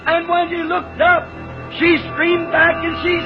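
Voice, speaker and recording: A man's voice: very high-pitched, fairly even intonation, normal speed, highs cut off, music in the background. A man preaching a revival sermon, telling a story in a folksy, rural way. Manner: folksy, rural turns of speech.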